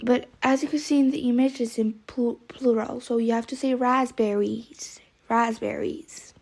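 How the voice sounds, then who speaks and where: A woman's voice: a little high, steady tone, moderate pace, a little mellow. A woman teaching English vocabulary, saying each word several times and spelling it out letter by letter. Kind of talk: vocabulary lesson, slow spelling drills.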